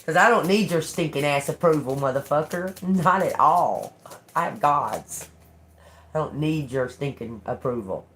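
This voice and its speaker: An older woman giving a live-stream tarot reading in a slow, profane, confrontational manner. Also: deep voice, a bit bright, slight background noise. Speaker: tarot reader.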